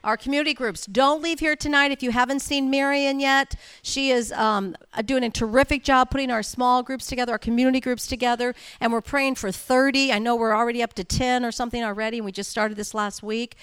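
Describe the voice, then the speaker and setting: A woman's voice: a little high, brisk, few pauses, clear, resonant tone, dry recording, studio quality. A woman leading a church group, teaching in an informal talk and acting out her own stories. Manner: animated storytelling, acts out her own inner voice. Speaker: church leader.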